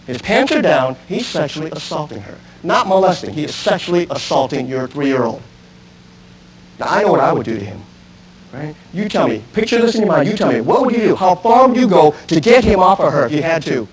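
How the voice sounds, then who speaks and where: Self-defense instructor, male, high-pitched, intense, talks straight at a live seminar crowd. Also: poor audio. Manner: intense, direct, questions the audience. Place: room with an audience. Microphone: archive video recording.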